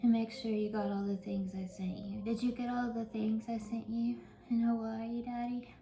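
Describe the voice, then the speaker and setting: A woman's voice: fairly high pitch, level tone, moderate pace, warm tone, reverberant. A sick woman who is coughing and short of breath, talking wearily on a noisy recording. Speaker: vlogger. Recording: noisy background.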